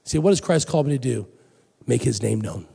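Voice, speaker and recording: A middle-aged man preaching a sermon as pastor in a church, animated, swinging from loud emphatic lines to soft hushed ones. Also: mid-range voice, a little fast, gravelly, slightly rough. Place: church sanctuary. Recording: long hall reverb.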